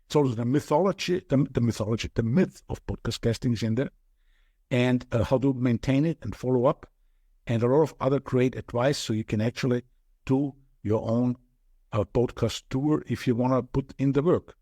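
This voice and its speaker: A man's voice: medium pitch, normal speed, mellow, no room sound, clean studio sound. A man with an Austrian accent, speaking as a podcast guest in an earnest, explanatory way and often restarting his sentences. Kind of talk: podcast interview chat.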